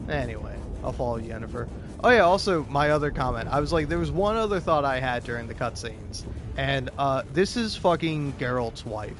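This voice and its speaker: A man's voice: medium pitch, animated, moderate pace. A young man chatting casually as he plays and comments on a game, rambling with many restarts and swearing. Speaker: YouTuber, gameplay commentator. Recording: game music behind.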